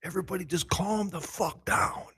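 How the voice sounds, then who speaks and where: A man's voice: high voice, moderate pace, sharp tone, breathy edge. A man hosting a podcast, chatting loosely and profanely to himself and his listeners while he sets up a live show in a big echoey room. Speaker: podcast host. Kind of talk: casual pre-show chat.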